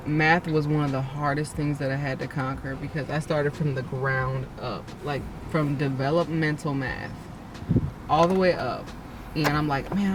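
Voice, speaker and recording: A young woman, an interview guest and nursing graduate, telling her story in an animated, emotional way with frequent restarts. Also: low voice, recorded from a distance, noisy background.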